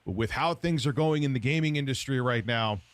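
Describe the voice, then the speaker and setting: A man's voice: mid-range voice, a little fast, dry recording. A man giving informal, sarcastic gaming news commentary.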